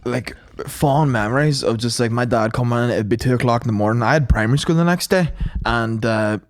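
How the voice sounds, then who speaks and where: A man co-hosting a comedy podcast, telling rambling stories in casual chat. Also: medium pitch. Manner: fast, rambling storyteller. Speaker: podcast co-host.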